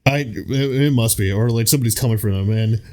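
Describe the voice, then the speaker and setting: A man's voice: mid-range voice, fairly quick, crowd noise. A young man co-hosting a podcast, chatting casually, rambling and swearing, breaking into silly impressions now and then. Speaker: podcast co-host. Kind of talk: casual chat.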